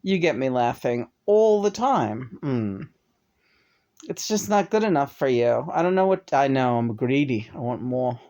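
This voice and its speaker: A man co-hosting a casual couple's chat show, speaking softly, affectionately and earnestly. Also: medium pitch, lively intonation, unhurried, highs cut off.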